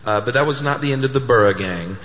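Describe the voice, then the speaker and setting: A man co-hosting a live podcast on stage, telling a story casually in a chatty, animated way. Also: mid-range voice, fast talker. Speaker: podcast co-host. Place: theater stage before a live audience. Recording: live hall with long reverb.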